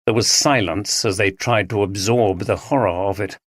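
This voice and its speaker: A narrator reading a drama audiobook in an even, measured way, close to the mic. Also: sits low, dry recording.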